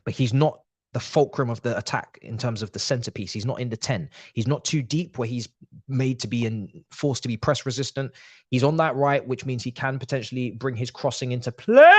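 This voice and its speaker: Guy reacting live to a football match for his stream, fan talk, mid pitch, dry sound. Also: brisk, no room sound. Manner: passionate fan, talks straight to viewers. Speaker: watch-along streamer. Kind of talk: live football watch-along commentary.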